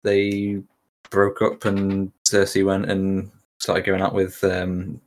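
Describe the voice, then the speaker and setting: A man co-hosting a podcast in relaxed casual chat, agreeable and often trailing off. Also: low voice, slow pace. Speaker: podcast co-host.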